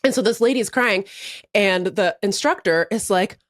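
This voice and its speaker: A woman co-hosting a podcast, telling a story in casual chat, animated and profane. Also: medium pitch, moderate pace, no room sound, studio quality. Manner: animated, profane, acts out other people's lines. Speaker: podcast co-host.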